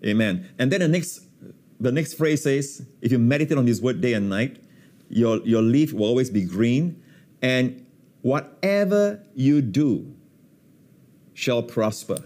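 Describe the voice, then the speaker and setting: A man preaching to his hosts in a lively, emphatic way. He leans hard on single words and repeats them, and he fills the pauses with plenty of uhs. His pitch sits in the middle for a man. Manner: emphatic, repeats key words, frequent uh fillers. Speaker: pastor and guest. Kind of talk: teaching sermon in a talk-show interview.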